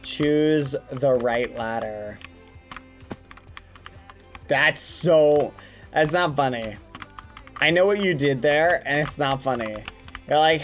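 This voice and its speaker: A streamer in casual live-stream gaming chat, talking straight to viewers and swinging from groans to high shrieks.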